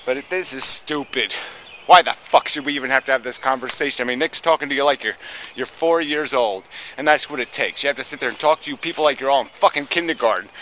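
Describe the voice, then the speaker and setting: A man's voice: medium pitch, fast talker, pushed and bright, slight background noise. A man in a heated debate monologue, ranting angrily with heavy swearing and many stop-start restarts. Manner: angry, profane ranting; hesitant restarts with frequent fillers. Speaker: debate participant.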